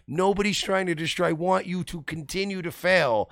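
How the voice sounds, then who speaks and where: A man hosting a casual comedic podcast chat, rambling and animated, often slipping into quoted voices. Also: high-pitched, brisk, creaky, hardly any pauses, no echo, studio quality. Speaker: podcast host.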